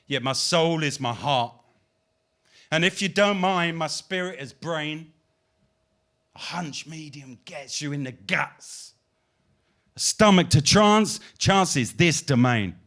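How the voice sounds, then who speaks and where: Guest poet, male, dramatic spoken-word delivery, unhurried and fairly high-pitched. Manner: dramatic recitation with big swings in loudness and pitch. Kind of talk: spoken-word poetry performance.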